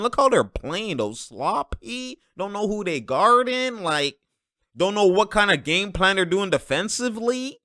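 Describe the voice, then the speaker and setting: Animated man shouting over game clips. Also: sits high, moderate pace, no echo, studio quality. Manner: animated, slangy, laughs often, shouts at plays. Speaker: host of a basketball reaction channel.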